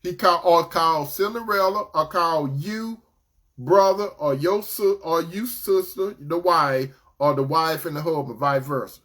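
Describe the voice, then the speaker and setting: A man's voice: fairly high pitch, unhurried, fairly bright tone. A man preaching a sermon in a conversational way, telling a parable and speaking to listeners as brother and sister.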